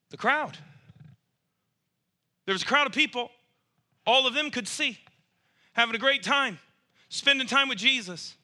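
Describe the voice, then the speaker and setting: Man, preacher, sermon, high-pitched, very bright sharp tone, animated, acts out voices. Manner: animated, acts out quoted voices, rising to near shouts.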